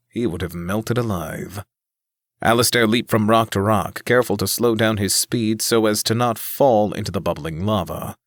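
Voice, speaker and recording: A man narrating a fantasy audiobook in a steady, even reading. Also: on the low side, no room sound, studio quality. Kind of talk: scripted narration.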